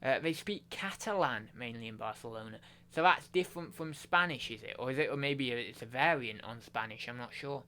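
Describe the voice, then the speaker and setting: A man's voice: mid-range voice, a little fast, few pauses, pushed and bright. A man chatting casually on a live stream, rambling with lots of fillers and restarts.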